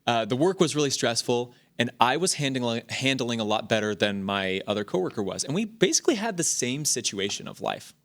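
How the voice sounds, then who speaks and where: A man's voice: mid-range voice, fairly quick, hardly any pauses. A man in his thirties hosting a podcast, telling personal stories in a casual, rambling way with frequent restarts and fillers. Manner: rambling, animated storytelling with many restarts. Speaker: podcast host. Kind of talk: casual talk.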